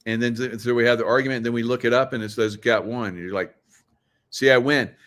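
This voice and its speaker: A middle-aged man talks loosely to his livestream viewers in a mid-pitched voice. He rambles between points, takes a conspiratorial tone, and breaks into chuckles often. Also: fairly even intonation, fast, fairly bright tone. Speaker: livestream host. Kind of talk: casual live chat to viewers. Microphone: computer mic, screen sharing.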